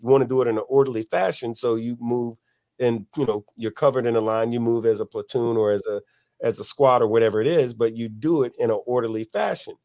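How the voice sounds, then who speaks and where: A man's voice: mid-range voice, fast talker, a little mellow. Man, motorcycle club member, casual podcast host; loose and profane storyteller.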